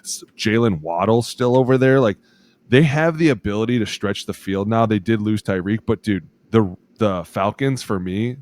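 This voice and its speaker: A man's voice: fairly low pitch, normal speed, darkish tone. A man co-hosting a football podcast, telling stories in casual profane chat and acting out quotes. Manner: profane, storytelling, acts out quotes. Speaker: podcast co-host, former lineman.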